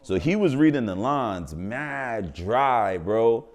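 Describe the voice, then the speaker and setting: A man speaks as a podcast guest, telling stories from his career in relaxed street slang. He is animated and keeps his listener hooked, and his pitch sits right in the middle for a man. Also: slow pace. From New York. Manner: slangy, animated, acts out quoted voices. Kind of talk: casual storytelling.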